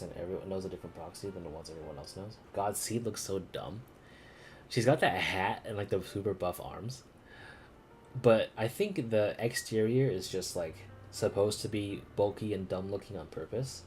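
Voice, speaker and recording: Deep-voiced man joking through gameplay. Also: normal speed, a little mellow, faint music behind. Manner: crude joking banter. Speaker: streamer. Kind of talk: gameplay commentary.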